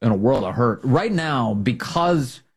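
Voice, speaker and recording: A man's voice: medium pitch, expressive, unhurried, husky. A man hosting a combative political opinion monologue, sarcastic and repetitive for emphasis. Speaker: political commentary host.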